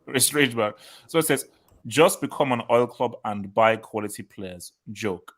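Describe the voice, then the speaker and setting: A man's voice: mid-range voice, moderate pace. A man hosting a casual live football chat, reading out viewer comments, laughing and repeating himself. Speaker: host.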